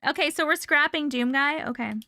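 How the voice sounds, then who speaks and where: A woman's voice: high-pitched, fairly even intonation, brisk, pushed and bright, no room sound. A woman hosting a livestream, chatting casually with viewers, greeting them by name and laughing often. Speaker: livestream host.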